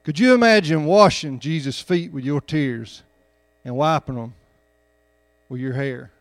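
Male preacher, high-pitched, homespun storytelling building to fervent emphasis, dry close recording. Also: a little slow, no room sound. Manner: folksy storytelling, rising to loud emphatic preaching. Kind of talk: sermon.

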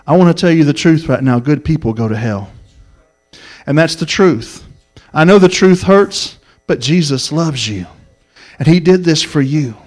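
A man preaching a sermon, telling stories and swinging from raised, pleading lines to low, quiet ones. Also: animated, moderate pace. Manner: storytelling preacher, swells up then drops low and soft.

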